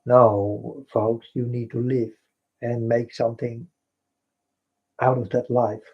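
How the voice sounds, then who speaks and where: Dutch-accented man, flat slow preacher-like vlogger, husky, dull lo-fi sound, repeats himself. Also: medium pitch. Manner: repetitive, keeps addressing his folks, broken English. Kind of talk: rambling spiritual monologue. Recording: dull lo-fi recording.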